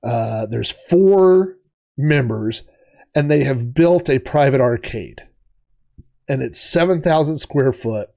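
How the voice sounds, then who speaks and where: A man voicing a pushy, secretive British male arcade dealer, talking in a hushed, urgent, salesman-like way with a British accent. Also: mid-range voice, expressive, slow pace, gravelly.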